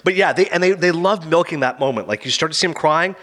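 A man hosts a casual talk show and walks through an awards night with strong opinions and lively retellings. His voice sits a little high and sounds bright and forceful. He talks at a fast clip. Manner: opinionated, quick, animated retelling. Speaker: podcast host. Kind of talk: casual awards recap chat.

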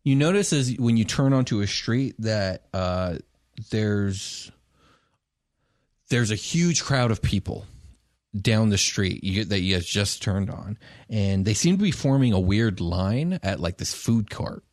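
A man's voice: lowish voice, animated, measured pace, a little mellow, no room sound, studio quality. A man narrating as game master in a loose, chatty way, full of fillers.

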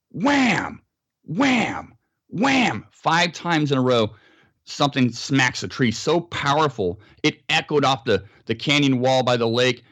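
Animated American man telling a story. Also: medium pitch, no room sound. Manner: animated storyteller, acts out sounds and quotes. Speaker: podcast guest. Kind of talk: storytelling in a casual interview.

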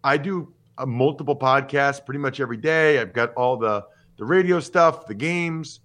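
This sports podcast host, a man in his forties who once played pro football, has a mid-range voice and a moderate pace. Casual, animated and opinionated, he hops between subjects.

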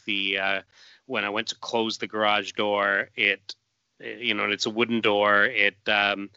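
A man's voice: on the low side, creaky, bright, forceful tone, clear, resonant tone, no room sound, dull audio. A man chatting casually on a podcast, telling a long story full of fillers and restarts. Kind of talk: casual chat.

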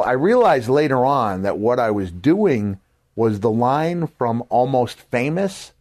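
Older man telling animated stories. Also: mid-range voice, slow pace, dry recording. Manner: animated storyteller acting out quoted voices, voice jumps to a shout on punchlines. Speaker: podcast host. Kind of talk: casual storytelling.

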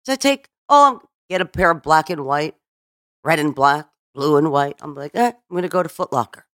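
Lively woman host telling a story. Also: deep voice, normal speed, dry recording, clean studio sound. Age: middle-aged. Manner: animated storyteller, acts out other people's lines. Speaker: podcast host. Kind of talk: casual chat.

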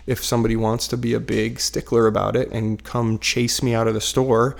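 Man in his thirties, gravelly, vocal fry, casual rambling storytelling, self-deprecating, at home on a couch. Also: medium pitch, level tone, fairly quick. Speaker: vlogger telling a personal story. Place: living room couch at home, dog barking nearby.

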